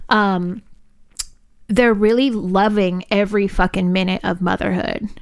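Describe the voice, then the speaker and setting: A woman's voice: mid-range voice, fairly even intonation, unhurried, creaky, smooth, no room sound. A woman co-hosting a podcast, chatting casually, teasing and swearing a lot and laughing often. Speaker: podcast co-host. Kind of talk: casual chat.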